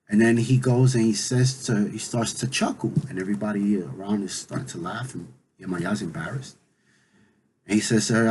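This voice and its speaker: A man's voice: lowish voice, moderate pace, a little mellow, slight background noise, rough recording. A man casually retelling a legend aloud, in a conversational way with many fillers. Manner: conversational, full of "you know" fillers. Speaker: storyteller. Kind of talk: casual oral storytelling.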